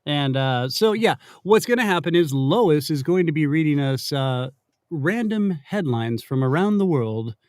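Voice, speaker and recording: A man hosting a casual livestream, upbeat and joking, rambling along with plenty of fillers. His voice sits a bit high for a man and sounds dry and close to the mic. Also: lively intonation, measured pace, a little mellow, dry recording. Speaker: show host.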